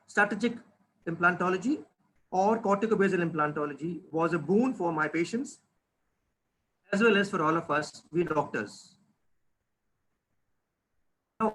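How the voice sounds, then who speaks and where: A man's voice: high voice, a bit bright, slight background noise, rough recording. A man, a dentist, giving an earnest webinar lecture, often restarting and stressing key words. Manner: earnest, with frequent restarts and emphasis. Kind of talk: lecture presentation. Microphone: webinar computer microphone.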